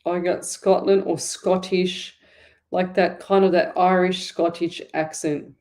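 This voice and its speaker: A woman's voice: lowish voice, level tone, unhurried, a little mellow. A woman hosting a live psychic reading show, talking to viewers in a rambling, chatty way with many restarts. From Australia. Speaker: psychic medium host.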